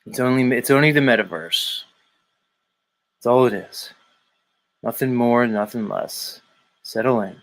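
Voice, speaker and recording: A man's voice: medium pitch, unhurried, gravelly, pauses often. A man hosting a daily live stream, reading viewer comments aloud and teasing commenters by name in a rambling, casual way. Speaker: livestream host reading chat.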